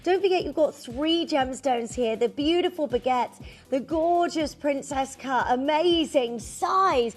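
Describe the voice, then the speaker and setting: A woman's voice: sits high, measured pace, faint music behind. A woman co-hosting a live shopping channel sale, gushing over the jewellery and counting down the remaining stock. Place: TV studio.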